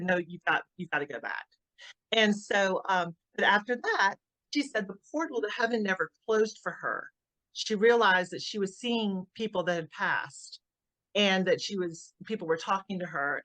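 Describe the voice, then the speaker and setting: A middle-aged woman, a grieving mother, giving an emotional personal account in an interview, often halting and repeating words as she restarts. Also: mid-range voice, fairly bright tone, no room sound.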